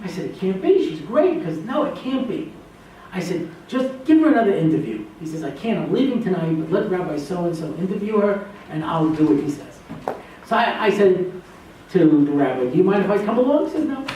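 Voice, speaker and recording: A man with a fairly high voice tells a story to students, acting out each character's lines with sudden jumps in pitch. He sounds set back from the mic in a very echoey hall. A faint noise sits under the sound, and laughter rises from the listeners. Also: expressive, fast, dark tone, distant mic. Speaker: rabbi and lecturer. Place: lecture hall with laughing audience. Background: audience laughter.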